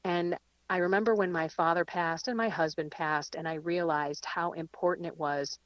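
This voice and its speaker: A woman guest calling in to a radio show from her car, telling a lively story and laughing easily. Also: on the low side, normal speed, no room sound, lo-fi sound. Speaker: guest speaker. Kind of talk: live radio chat and reflection. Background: rain.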